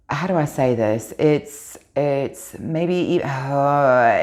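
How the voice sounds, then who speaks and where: Woman, deep voice, casual tarot reading, chatty, excitable, salty language. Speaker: tarot reader.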